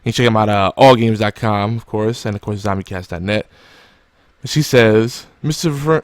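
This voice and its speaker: A man's voice: on the low side, moderate pace, no echo, studio quality. A man hosting a casual podcast, rambling and joking with many fillers. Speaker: podcast host.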